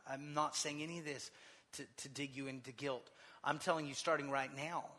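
A man preaching a sermon as pastor. He moves from quiet personal storytelling into fervent, rising exhortation. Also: mid-range voice, in a large hall.

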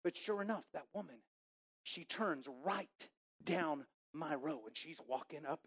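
A man in his forties from Texas, preaching a sermon through a lively personal story and acting out his own inner voice. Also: on the high side, a little slow, husky. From Texas, USA. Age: 40s.

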